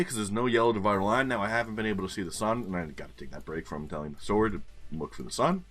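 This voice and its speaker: A man in his twenties doing casual gameplay commentary as a streamer, telling a story in an animated way with casual swearing. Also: on the low side, a little fast, soft background music. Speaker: game streamer.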